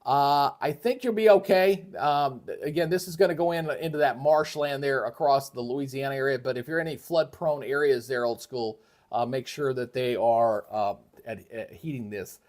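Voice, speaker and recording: Man, mid-pitched, casual live weather host, rambling, many restarts, home setup. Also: normal speed, darkish tone. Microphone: switches between microphones, moves away from them.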